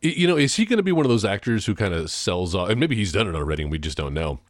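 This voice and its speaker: A man's voice: low voice, big pitch swings, racing, no echo, studio quality. A man co-hosting a casual movie podcast, thoughtful and a little hesitant, with ums. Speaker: podcast co-host.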